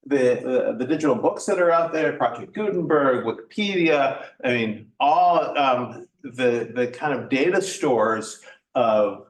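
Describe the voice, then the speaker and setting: Halting man lecturing in an echoey room. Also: mid-range voice. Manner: halting, with many fillers and restarts. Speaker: workshop presenter. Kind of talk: informal lecture. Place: church meeting room. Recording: echoey room, mic at a distance.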